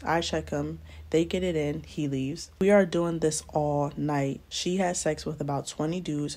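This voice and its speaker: Low-voiced young woman telling a story. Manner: animated, slangy, dramatic retelling. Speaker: vlogger. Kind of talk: storytime narration while doing nails.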